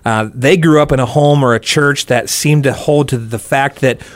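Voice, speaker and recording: An upbeat man hosts a casual faith podcast, joking easily with his co-host. His voice sits at a middle pitch and is recorded dry and close. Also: steady tone, normal speed, no room sound.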